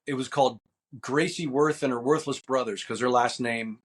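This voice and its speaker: A man's voice: mid-range voice, normal speed, husky. A man in his fifties from New Jersey, an actor and stuntman chatting easily as an interview guest, rambling with fillers. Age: 50s. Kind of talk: casual interview.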